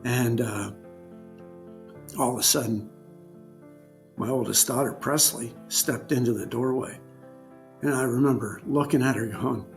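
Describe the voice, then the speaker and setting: Gravelly man telling his story haltingly. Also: mid-range voice, faint music behind. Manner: halting, frequent pauses with uh and um. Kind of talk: unscripted personal storytelling.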